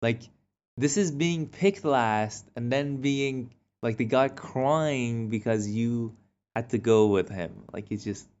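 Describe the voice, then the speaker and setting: Male vlogger, casual storytime, rambling delivery with fillers and restarts; mid-pitched voice on a dull, lo-fi track. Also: slow, a little mellow. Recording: dull lo-fi recording.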